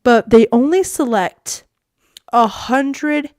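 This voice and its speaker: Speaking slowly in a high, somewhat mellow voice, a teen podcast host chats through a casual story with lots of bubbly energy and frequent "like"s. The sound is clean studio quality without room echo, but the podcast mic drops out.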